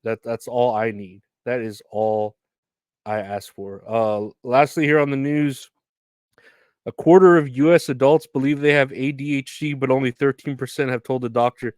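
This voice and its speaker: A man's voice: mid-range voice, steady tone, moderate pace, a little mellow, clear, resonant tone, dry recording. A man hosting his own podcast, rambling alone in a profane, meandering, self-deprecating way. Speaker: podcast host. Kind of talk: rambling solo podcast monologue.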